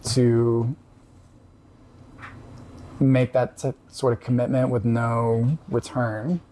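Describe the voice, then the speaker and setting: Man, podcast guest, reflective storytelling, halting, lots of fillers. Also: medium pitch, level tone, dark tone, a little hiss or hum. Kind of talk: casual storytelling.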